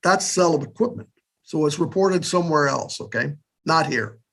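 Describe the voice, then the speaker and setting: An older man with a fairly high voice teaches a business finance class in a relaxed, conversational way. He keeps checking in with his listeners, tossing in "okay?" and "right?" as he works through the numbers. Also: normal speed, slightly rough. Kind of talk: casual instructional talk.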